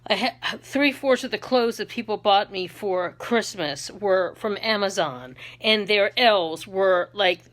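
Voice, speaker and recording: A middle-aged woman chatting casually through a makeup tutorial, laughing often and breaking into shrill put-on accents. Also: measured pace, few pauses, fairly bright tone. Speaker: beauty vlogger and makeup seller.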